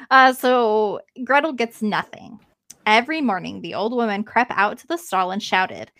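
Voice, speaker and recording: A podcast co-host reads a fairy tale aloud in a casual, banter-filled session, frequently breaking off to joke and comment. Her mid-range, slightly bright voice moves at normal speed, recorded close and dry with no room sound.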